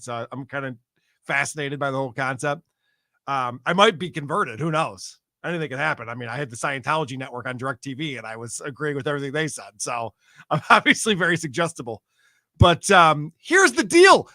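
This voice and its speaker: Guy cohosting a podcast, kinda high voice, bouncy pitch, laughs all the time. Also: brisk, no room sound. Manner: laughs often, lively banter. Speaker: podcast co-host. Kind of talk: casual chat.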